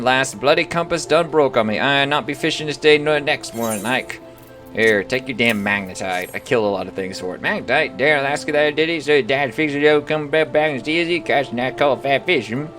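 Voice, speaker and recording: A man voicing a bitter old fisherman in a rough, put-on sailor brogue. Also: mid-range voice, a bit bright, natural voice. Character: gruff old male fisherman, bitter and broken.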